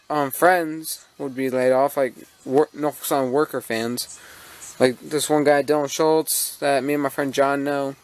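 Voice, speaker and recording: A man's voice: on the high side, clear, resonant tone. A young American man ranting casually about railroads, rambling and indignant, with many fillers and restarts, filmed on a handheld camera in his model railroad room at home. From United States. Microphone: handheld camera mic.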